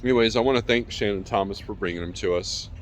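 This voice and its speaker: A man's voice: fairly low pitch, fast talker, slight background noise. Rambling man in a backyard. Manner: rambling, chatty, calls out to his dog. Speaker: vlogger. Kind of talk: casual vlog talk. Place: backyard outdoors.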